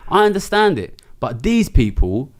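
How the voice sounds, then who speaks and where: A man's voice: on the high side, very animated, normal speed. A middle-aged man from Britain giving an interview, blunt, emphatic and full of swearing. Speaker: interview guest, trader. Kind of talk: candid interview talk.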